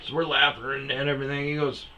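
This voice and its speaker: A man's voice: medium pitch, level tone, fast talker, gravelly, very noisy. A tired man hosting a casual, rambling storytelling monologue, chuckling and acting out his friends' lines. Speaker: storyteller host.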